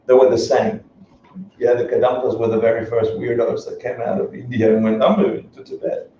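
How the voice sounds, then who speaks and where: A man teaching a relaxed class on Buddhism, joking and laughing often as he talks. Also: mid-range voice, brisk, far from the mic, a little hiss or hum. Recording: echoey dull room recording from afar.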